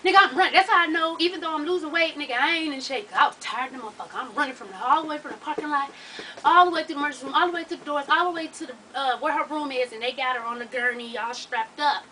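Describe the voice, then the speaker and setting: A woman with a high, bright voice tells her viewers a personal story. She speaks in an animated, profane, slang-heavy way and talks straight to her audience. The mic sits some distance away, with a faint hum of background noise. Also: racing. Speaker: vlogger telling a personal story.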